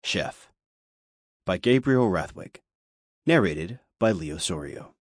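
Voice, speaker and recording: A man narrating a first-person audiobook with wry, measured storytelling. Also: deep voice, animated, breathy edge, no echo, clean studio sound.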